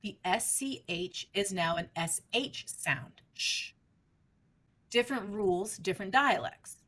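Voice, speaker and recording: A woman's voice: mid-range voice, expressive, normal speed, fairly bright tone. A middle-aged woman researcher, a guest in an interview, explaining her field in an emphatic, teacherly way. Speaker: speech language researcher, guest.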